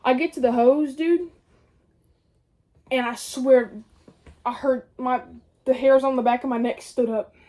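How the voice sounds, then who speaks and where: A young woman telling a story in a casual, animated way, full of slang and swearing. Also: sits high, a little slow, long pauses. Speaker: vlogger.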